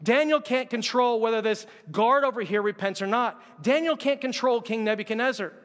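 A man with a high voice delivers a sermon in a relaxed, conversational way and acts out the quotes he reads. The long reverb marks a large hall. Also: a little fast. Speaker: pastor.

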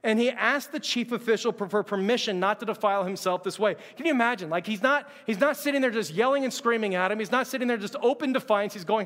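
A man with a high voice delivers a sermon in a relaxed, conversational way and acts out the quotes he reads. The long reverb marks a large hall. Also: fast talker, few pauses. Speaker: pastor.

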